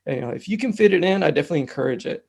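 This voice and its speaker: A man's voice: a little high, expressive, very fast, vocal fry, a little mellow, slightly rough. A man talking in a casual conversation, easygoing and rambling, with lots of fillers.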